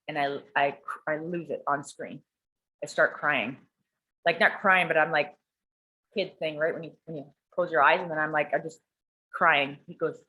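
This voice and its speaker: A woman casually recounting a personal experience in an animated, chatty way, restarting sentences and acting out her own reactions. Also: on the low side, moderate pace, slightly rough, poor audio.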